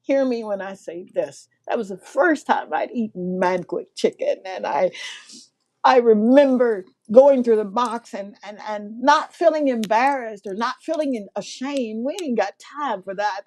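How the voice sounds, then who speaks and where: A woman's voice: on the high side, warm tone. A middle-aged woman from Mississippi hosting a faith talk show, telling a heartfelt testimony in a preacherly way and laughing often.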